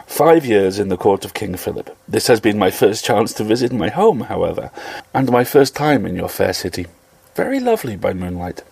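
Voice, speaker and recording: A man's voice: fairly low pitch, very animated, normal speed, gravelly, a little mellow, slightly rough, full character voice. A man voicing a courteous, cultured male ambassador who speaks with polished politeness in an audio story. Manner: slight cultured accent, polite and gallant. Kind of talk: audio fiction dialogue.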